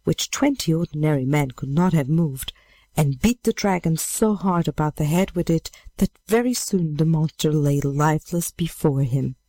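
Low-voiced woman reading a fairy tale. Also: dark tone, no echo. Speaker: storyteller. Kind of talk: fairy tale read aloud.

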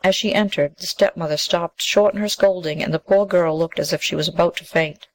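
Female narrator for a fairy tale, low pitch, gravelly texture, calm delivery. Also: brisk, few pauses, low-quality recording. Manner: calm, steady storytelling. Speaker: storyteller.

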